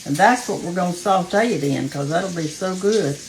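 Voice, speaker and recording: A woman's voice: fairly low pitch, moderate pace, slight background noise, poor audio. A Southern woman hosting a home cooking show, chatting folksily with her viewers as she cooks and sounding a little out of breath. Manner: folksy and chatty, talks straight to viewers as "y'all". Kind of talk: casual cooking demonstration. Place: home kitchen. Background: faint frying sizzle.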